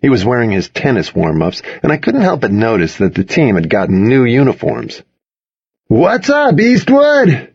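Man, audiobook narrator, husky, animated pitch, dry muffled studio sound. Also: a little fast, few pauses, dry recording. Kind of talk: first-person audiobook narration.

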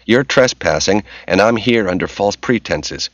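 A man's voice: on the low side, expressive, a little slow, no room sound. A man voicing a determined man who gives curt, insistent orders in a crisis, in a dull, lo-fi audiobook recording. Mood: urgent.

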